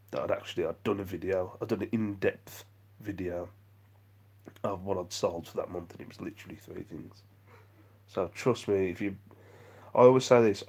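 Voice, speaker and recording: A man's voice: sits low, gravelly, darkish tone. A man chatting on a live vlog stream, rambling and self-deprecating as he reads out viewer comments. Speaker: vlogger.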